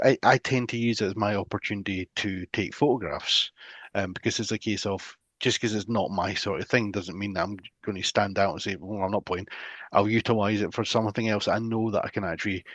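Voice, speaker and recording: A man's voice: lowish voice, no room sound. A man from England hosting a casual podcast chat, rambling with frequent restarts and fillers, on dull lo-fi audio. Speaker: podcast host. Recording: dull lo-fi sound.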